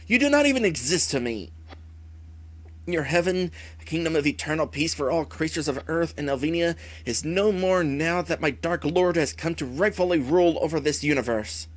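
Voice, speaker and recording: Wraith, a shouting villainess voiced by a man. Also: on the high side, lightly acted. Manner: loud, shouting defiance. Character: vicious female dark knight villain, proud and defiant.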